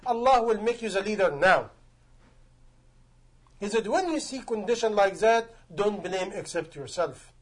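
High-voiced male preacher, emphatic. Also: slightly rough. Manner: emphatic, rhetorical questions, non-native grammar. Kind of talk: sermon.

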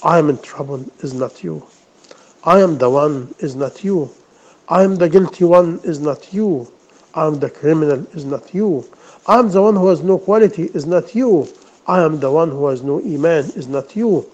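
Male preacher, mellow tone, slightly raised pitch, repetitive pleading sermon. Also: moderate pace, highs cut off. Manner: repetitive, pleading, self-reproaching. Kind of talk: emotional sermon.

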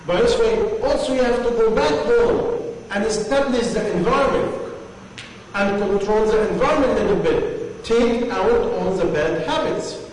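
High-voiced preacher in an echoey hall. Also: male voice. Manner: earnest, repetitive phrasing, non-native English grammar. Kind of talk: sermon. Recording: echoey hall, distant mic, faint hum.

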